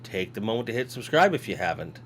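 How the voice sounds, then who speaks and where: A man's voice: fairly low pitch, very animated, fast, a little hiss or hum. A man hosting a live toy-collecting show, chatting casually and rambling while reading viewer comments aloud. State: yawning. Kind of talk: casual live-stream chat. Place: home room with toy shelves behind.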